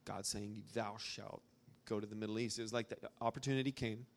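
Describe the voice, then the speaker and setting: Speaking to a live crowd at a church gathering, a young man from Arkansas wanders through a story with lots of fillers in an informal way. His voice sits on the low side, fairly quick and fairly even in intonation.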